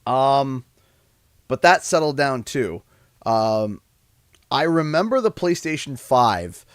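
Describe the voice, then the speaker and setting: A man's voice: mid-range voice, takes it slowly, no room sound, studio quality. A man, chatting on a livestream and telling rambling stories with a laugh at his own jokes. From Canada. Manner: animated, rambling storyteller. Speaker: streamer. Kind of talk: casual livestream chat.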